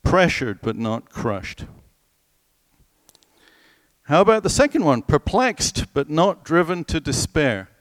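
A man preaching a sermon in a conversational, animated way, asking the listeners questions and slowing down for scripture. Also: a little high, no echo. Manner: slows right down when quoting scripture.

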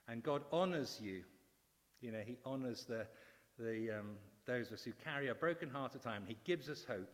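A middle-aged man preaching a sermon, telling stories with animated, excitable bursts. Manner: warm, animated storytelling with sudden high excited bursts. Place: church. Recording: church hall with long reverb.

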